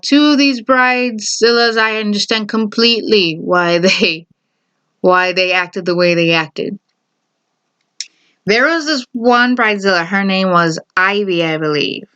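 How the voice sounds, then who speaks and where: Young woman vlogger, casual opinion chat, animated and exclamatory, mid-pitched, on a muffled low-fi recording. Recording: dull lo-fi recording.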